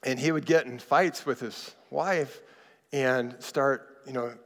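A man preaching a sermon in a conversational, animated way, acting out the people in his stories. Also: medium pitch, slow pace. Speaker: pastor. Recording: reverberant hall.

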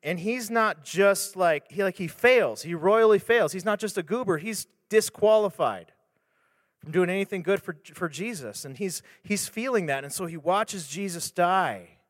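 A man with a slightly higher voice talks like a pastor, candid and chatty. He retells a story loosely with restarts and asides. His voice carries a long reverb tail. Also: normal speed, studio quality. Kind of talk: casual devotional talk on scripture.

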